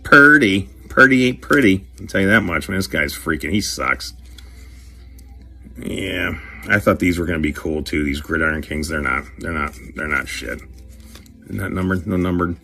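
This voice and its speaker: A middle-aged man with a very low, gravelly voice tells a loose, rambling story full of swearing and asides. He hosts his own show and talks casually and animatedly, as if chatting with friends. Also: normal speed, pushed and bright, soft background music. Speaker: show host, career coach. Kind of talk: casual storytelling and card opening.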